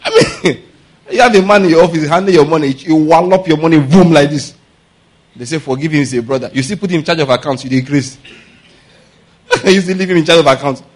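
A man's voice: on the high side, fairly quick. A male pastor, preaching a conversational sermon and often checking that listeners follow. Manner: conversational preaching, keeps asking if the audience gets his point.

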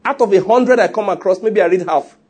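A man's voice: high voice, fairly quick, darkish tone, breathy edge. A man preaching a sermon in an emphatic, conversational way, with joking asides. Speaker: pastor.

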